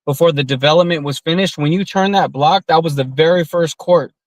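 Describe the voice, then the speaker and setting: Casting note: a man in his thirties with a slightly higher voice, loose and profane storytelling, dry close sound. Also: brisk, no echo, poor audio. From US West Coast. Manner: profane, rambling storyteller with many fillers. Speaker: podcast co-host. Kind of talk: casual storytelling among friends.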